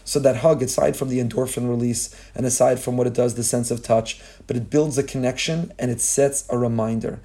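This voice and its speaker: A man's voice: mid-range voice, steady tone, a little fast, hardly any pauses, warm tone. A man teaching a Torah lesson in a sermon style, building his points through long repeated lists and mixing in Hebrew phrases. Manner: impassioned, repetitive rhetorical lists.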